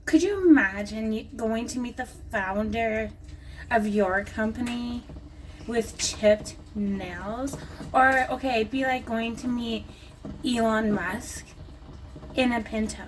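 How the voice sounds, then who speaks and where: Taking things slowly in a slightly high voice, a woman vlogs from home to pitch nail strips, joking and rambling along the way. It's casual chat to camera, caught on a distant mic with obvious background noise.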